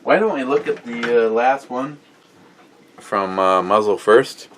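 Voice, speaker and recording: A man's voice: medium pitch, measured pace, fairly bright tone, a little hiss or hum. A man hosting a casual beer review vlog, rambling off the cuff with many fillers and reading viewer comments aloud.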